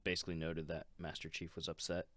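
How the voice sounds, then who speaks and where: Man, relaxed podcast co-host, laughs a lot, filler words, low pitch, dry sound. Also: fast talker, dry recording. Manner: easygoing, laughs often, filler "like" and "um". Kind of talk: casual chat.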